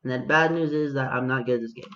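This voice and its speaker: A man's voice: mid-range voice, fast talker, a bit bright, lo-fi sound. Self-mocking man narrating his gameplay. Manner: self-mocking, talks to himself and viewers. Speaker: gaming video host. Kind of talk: casual gameplay commentary.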